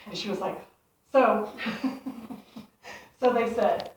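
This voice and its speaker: A woman's voice: a little high, drawn-out words, far from the mic, highs cut off, slight background noise. A woman giving a playful inspirational talk to a congregation, telling stories with laughter and acting out voices. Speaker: speaker. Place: church hall. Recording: echoey hall, speaker away from the mic.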